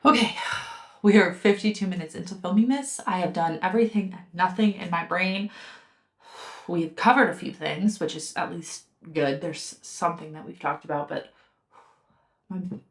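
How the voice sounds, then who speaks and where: A woman's voice: fairly low pitch, moderate pace. Heated, sarcastic young woman. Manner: heated, sarcastic, frequently swears. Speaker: book reviewer and podcast host. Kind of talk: casual commentary reading from a book.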